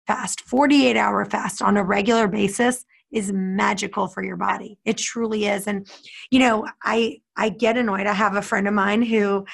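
Woman with a gravelly edge, chatty and animated, jumps up high when she quotes people. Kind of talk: casual chat.

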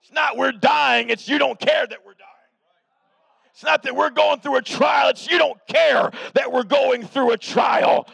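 A man preaching a revival sermon as pastor, shouting with emphasis and then dropping to a hush. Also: extremely high pitch, fairly even intonation, unhurried, vocal fry, no room sound. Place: church sanctuary.

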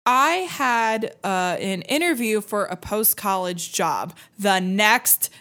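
Animated young woman telling a story. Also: mid-range voice, slow pace. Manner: animated, laughing, acts out quoted voices, many fillers. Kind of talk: casual storytelling.

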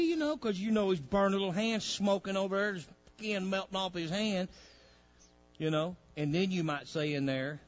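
A man preaching a sermon in a church, dropping to low murmurs and rising to loud shouted peaks. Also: lively intonation, moderate pace, lo-fi sound, faint music behind. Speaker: pastor.

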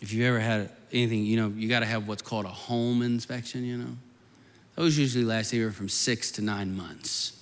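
With a fairly low, steady voice and a slightly quick pace, a man preaches to an audience gathered in a large hall. He tells a personal story fervently and ramblingly, with many restarts, and long hall reverb trails his words.

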